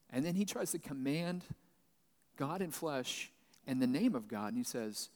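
A man's voice: medium pitch, animated, normal speed. A man pastor giving Bible teaching, reading a passage and then explaining it plainly. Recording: long reverb, large hall.

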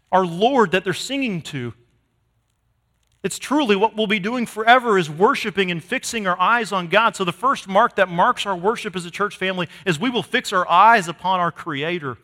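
Male pastor, high bright voice, emphatic sermon delivery, long hall reverb. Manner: emphatic preaching, swinging from loud to hushed.

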